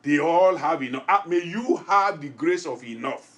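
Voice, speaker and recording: Male pastor, fairly high voice, fervent repetitive sermon and prayer delivery. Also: lively intonation, normal speed, roomy sound. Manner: fervent, repetitive preaching, rising to shouted prayer; reads scripture aloud with comments.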